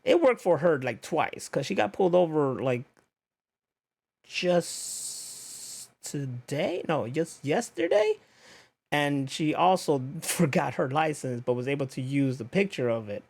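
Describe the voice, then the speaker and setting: A man's voice: on the high side, a little slow, creaky. A young man hosting a podcast, ranting casually with lots of swearing and acting out what other people said. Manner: animated, profane, acts out others' lines. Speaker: podcast host. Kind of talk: casual storytelling rant.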